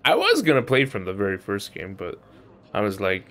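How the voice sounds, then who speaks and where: A man's voice: lowish voice, huge pitch swings, normal speed, fairly bright tone. A young man streaming a video game, chatting casually with profane jokes and frequent laughter. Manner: profane, joking, laughs often. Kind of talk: casual live gameplay commentary.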